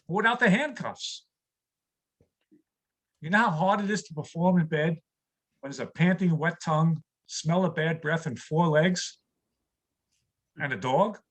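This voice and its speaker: A man in his sixties from New York, telling wry, rapid-fire one-liners in a stand-up comedy set on a stage mic. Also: high-pitched, fairly bright tone, low-quality recording. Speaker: stand-up comic.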